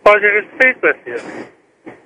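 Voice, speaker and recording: A man's voice: sits high, very animated, takes it slowly, sharp tone, slight background noise, poor audio. A middle-aged man calling a radio show, telling a story in a friendly way and acting out the quoted voices. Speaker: radio caller.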